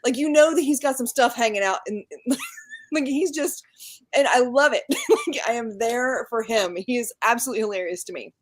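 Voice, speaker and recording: A woman's voice: on the high side, lively intonation, normal speed, a little hiss or hum. A woman as a podcast guest, enthusiastic and laughing, with many fillers. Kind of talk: casual group chat.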